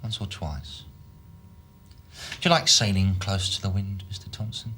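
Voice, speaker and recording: A man's voice: low-pitched, moderate pace, sharp tone, husky, full character voice. An actor playing a male police detective who questions a suspect with sardonic, probing remarks.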